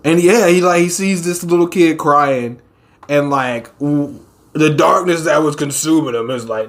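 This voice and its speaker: A man casually reacting to a manga chapter, swearing freely and hamming up the characters' lines in quick put-on voices. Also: fairly high pitch.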